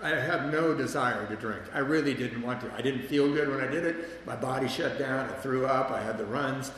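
A man's voice: medium pitch, normal speed, a bit bright, a little hiss or hum. A man telling a candid, self-mocking personal story about his past drinking, with wry humor. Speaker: speaker sharing a recovery story. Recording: echoey hall with long reverb.

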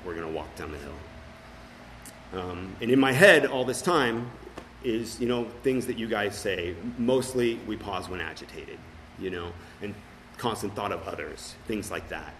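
An earnest middle-aged man with a lowish voice gives personal testimony at a recovery meeting. He tells his story plainly and warmly, with frequent ums and restarts. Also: normal speed, slight background noise, rough recording.

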